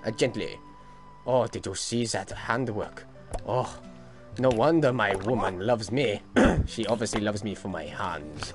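A man narrates his own gameplay at an unhurried pace. His voice swings widely in pitch as he swears, laughs and shouts at the game. Faint game music runs beneath him. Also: lively intonation. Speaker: let's play gamer. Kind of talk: gaming commentary.

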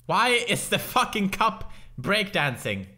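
A man with a Swedish accent, a native Swedish speaker, giving gaming commentary, raging, swearing and yelling at the game. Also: high-pitched, very animated, takes it slowly, slight background noise. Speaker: gaming video creator. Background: game music.

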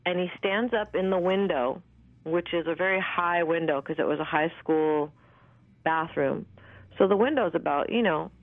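A woman in her fifties, an actress, telling stories in a candid, animated way with plenty of fillers and the odd swear word. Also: on the low side, moderate pace, no room sound. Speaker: actress and interview guest. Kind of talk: casual storytelling interview. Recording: tinny dry phone line.

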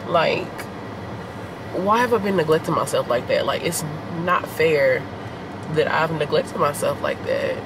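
A woman's voice: low-pitched, unhurried, background noise. A woman vlogger chatting candidly and rambling straight to her viewers from inside a car. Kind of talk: casual self-filmed vlog chat.

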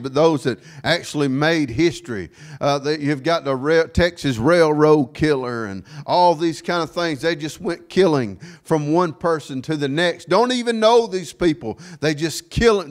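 A man preaching a sermon in a church, sprinkling his talk with amen and praise God, swinging from quiet asides to raised, ringing declarations. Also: on the high side, moderate pace, few pauses. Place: church sanctuary.

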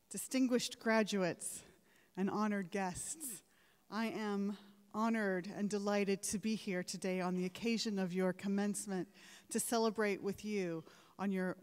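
A woman with a steady, clean, mid-range voice speaks at a measured pace, delivering a formal commencement address. She draws in her listeners with rhetorical questions and anecdotes, and the large ceremony hall echoes around her.

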